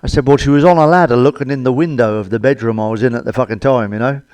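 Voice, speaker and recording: A middle-aged British stand-up comedian delivers a crude monologue, blunt, cheeky and full of swearing. He talks fast at an ordinary middle pitch, sounding a little mellow, and the recording is dry and close with no room echo.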